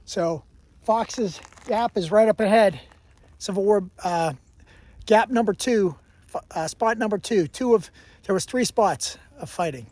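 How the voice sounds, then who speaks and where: With a high-sitting, darkish voice and an unhurried pace, a man walks outdoors on a mountain trail and talks history to his handheld camera. The hiking vlogger rambles casually and often self-corrects, and there is no room sound.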